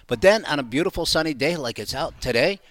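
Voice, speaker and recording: A man's voice: on the high side, expressive, quick pace, fairly bright tone. A middle-aged man talking as a company guest on a radio show, enthusiastic and salesy. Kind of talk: casual radio chat.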